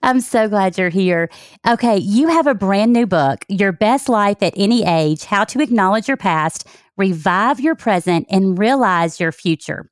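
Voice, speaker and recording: A woman's voice: medium pitch, animated, measured pace, no room sound, studio quality. A woman from Texas, hosting a podcast interview in an enthusiastic, effusive way. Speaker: podcast host.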